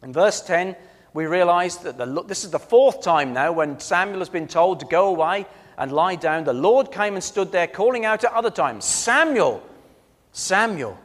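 In a church hall with a long, ringing reverb, a preacher gives an earnest, story-driven sermon, swinging emphatically between loud stresses on key words and soft passages. His somewhat high voice has lively intonation and a moderate pace.

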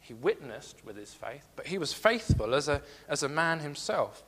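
A man's voice: a little high, very animated, moderate pace, a bit bright, big-room sound. A man giving a sermon, earnest and repeating his key phrases as he reads scripture aloud. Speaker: preacher.

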